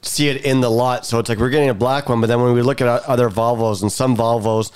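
A man co-hosting a relaxed podcast tells a story with gusto and slips into the voices of the people in it. His voice is smooth and clear at an ordinary middle pitch. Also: fast talker. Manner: animated anecdote telling with quoted voices. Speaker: podcast co-host. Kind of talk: casual chat, storytelling.

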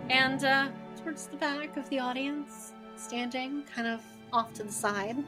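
A woman narrating as game master of a tabletop role-playing game, animated, with loose fillers and frequent laughter. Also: high voice, measured pace, over music.

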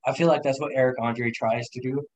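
A young podcast guest talks casually and briskly, rambling through profane anecdotes while laughing a lot. His mid-range voice holds a steady tone. There's no room sound, but the audio quality is poor.

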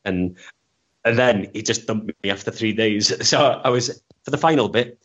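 A man's voice: on the low side, normal speed, fairly bright tone. A man telling stories as an interview guest, rambling and self-deprecating, often stammering and restarting. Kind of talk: casual storytelling interview. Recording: dull lo-fi recording.

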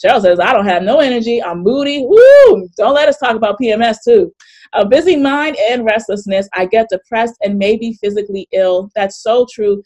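Middle-aged lady running a zoom workshop, kinda high voice, chatty, laughs a lot. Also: fairly quick. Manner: chatty, animated, laughs often, reads chat comments aloud. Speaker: coach and webinar host. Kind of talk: live online workshop talk. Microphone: video call.

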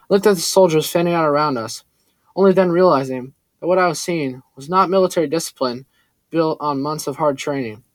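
A man reading a first-person story aloud in a steady, earnest way. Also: a little high, brisk, dry recording. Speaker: audiobook narrator. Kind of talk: first-person scripted narration.

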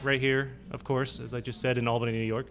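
A man's voice: medium pitch, little pitch movement, fast talker, fairly bright tone, soft background music. A man hosting a podcast from the upstairs room of a pub, chatting casually, rambling and laughing easily. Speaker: podcast host.

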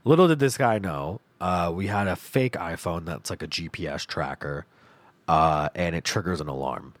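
A man hosting a podcast, telling a comedic story in a profane, animated way and laughing along. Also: sits low, normal speed, dry recording. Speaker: podcast host.

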